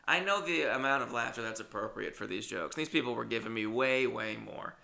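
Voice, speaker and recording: A young man, a comedian and podcast host, telling a story in casual monologue, swearing freely and acting out the dialogue in lively bursts. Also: medium pitch, a little fast, vocal fry.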